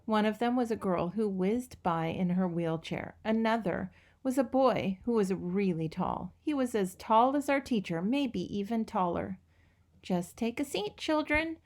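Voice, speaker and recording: A woman reading a children's book aloud with expressive, lively storytelling. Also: mid-range voice, measured pace. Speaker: reader.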